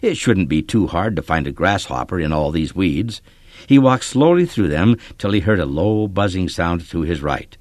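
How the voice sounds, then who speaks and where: A man with a lowish voice reads a children's story aloud, his pitch moving in a lively way. The delivery is expressive and measured. The sound is dry and close, with no room reverb. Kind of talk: scripted narration of a children's story.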